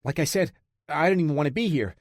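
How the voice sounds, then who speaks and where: A man's voice: on the high side, lively intonation, fast talker, no room sound, clean studio sound, pitched above the performer's own voice. A man doing a stammering, frightened hacker. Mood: scared, pleading. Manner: nervous, stammering, pleading. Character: frightened young male computer hacker.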